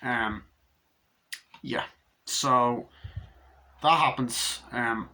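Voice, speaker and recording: Man, casual film reviewer, excitable, swears a lot, bright voice. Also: medium pitch, very slow. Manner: excitable, heavy swearing, acts out scenes.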